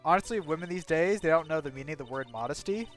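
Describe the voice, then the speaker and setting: A man puts on a cranky, nosy old woman who scolds everyone in a shrill, bossy voice, swinging wildly up and down in pitch. Faint music plays behind. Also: expressive, quick pace, fairly bright tone. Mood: scolding.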